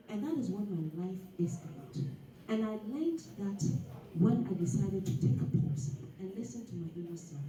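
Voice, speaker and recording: Woman, lively preachy motivational talk, mellow tone, echoey hall, distant mic. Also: mid-range voice. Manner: animated and preachy, with laughs and acted asides. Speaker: guest speaker. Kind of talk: motivational speech at a dinner. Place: event hall.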